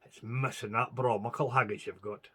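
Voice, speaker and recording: A man voicing a blinded Scots soldier, loyal and gruff, speaking bluntly in broad Scots dialect. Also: medium pitch, fairly even intonation, moderate pace, fairly bright tone. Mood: rueful.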